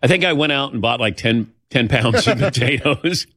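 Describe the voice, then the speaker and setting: A husky, fairly bright voice at medium pitch belongs to an older man hosting a show. He talks at normal speed and expressively, telling personal anecdotes in a chatty, self-deprecating manner and mimicking those he quotes. Clean studio sound, no room sound.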